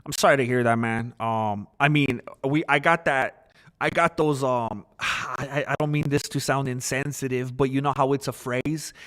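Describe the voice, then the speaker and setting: A man's voice: medium pitch, steady tone, a bit bright. A man hosting a casual live stream and answering viewers' chat earnestly. He often stops and restarts his sentences. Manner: halting, with restarts and fillers; earnest and talkative.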